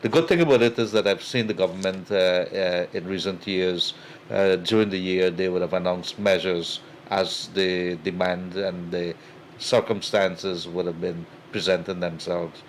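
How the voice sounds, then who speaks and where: Male host, very low voice, chatty and filler-heavy; faint background hiss. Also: steady tone, normal speed. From Guyana. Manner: chatty, many fillers, thanks guests warmly. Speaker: talk show host. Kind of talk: talk show host wrap-up.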